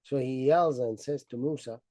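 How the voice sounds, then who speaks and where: A man with a mellow, mid-range voice gives sarcastic, lecture-style commentary on religious history at a moderate pace. He retells it theatrically and mocks it, acting out the people involved, on a dry recording.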